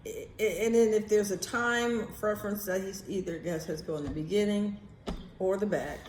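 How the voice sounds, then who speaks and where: A woman vlogging in a casual, animated chatty way, swearing now and then. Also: mid-range voice, normal speed, echoey room, a little hiss or hum. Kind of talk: casual chat to camera.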